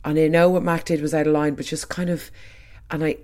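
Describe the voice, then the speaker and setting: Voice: medium pitch, little pitch movement, fairly quick, warm tone. A speaker giving an opinionated, chatty recap of a soap episode, trailing off into asides.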